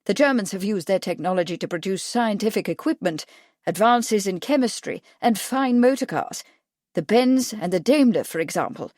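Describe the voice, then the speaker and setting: A woman reading the lines of a genial, wealthy gentleman fond of hunting. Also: medium pitch, expressive, moderate pace, no room sound, clean studio sound, lightly acted. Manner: genial, objecting politely.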